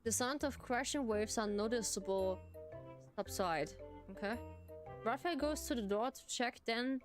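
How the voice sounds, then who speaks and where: German lady streamer reading a game out loud, giggly, slow and kinda high, faint music. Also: expressive. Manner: reads game text aloud, giggly, restarts words. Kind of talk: live game playthrough commentary.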